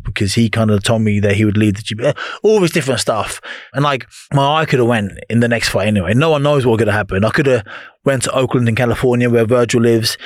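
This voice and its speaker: A man chatting as a guest on a podcast, telling stories with lively energy and swearing freely. He acts out what others said to him. The sound is dry and close, as in a small studio. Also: mid-range voice, no echo. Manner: animated storyteller, swears freely, acts out quotes. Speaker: podcast guest, former boxer. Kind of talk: casual podcast chat.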